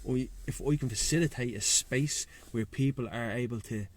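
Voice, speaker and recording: A man with a Dublin Irish accent, talking as a guest in a loose chat outdoors by the sea. He is frank and fired up, full of slang and swearing. His pitch sits in an ordinary middle range. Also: moderate pace. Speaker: guest, breathwork and sea-swim facilitator. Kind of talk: casual chat.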